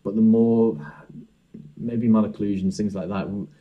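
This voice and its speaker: A man's voice: fairly low pitch, fairly even intonation, a little slow, dull audio. A young man, a dentist, hosting a casual podcast interview and talking with many fillers and restarts. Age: young adult.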